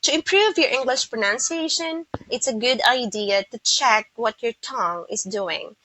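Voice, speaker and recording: A Filipino woman teaching English pronunciation, who speaks slowly and repeats words so listeners can copy them. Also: fairly high pitch, lively intonation, bright, forceful tone, no echo, rough recording. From Philippines. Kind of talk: pronunciation lesson.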